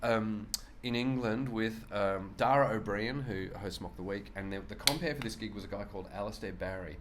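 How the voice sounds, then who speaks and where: Comic, lowish voice, animated storyteller who laughs and slips into voices. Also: male voice, moderate pace, background noise. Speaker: comedian guest. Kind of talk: casual anecdote telling. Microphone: shared handheld microphone.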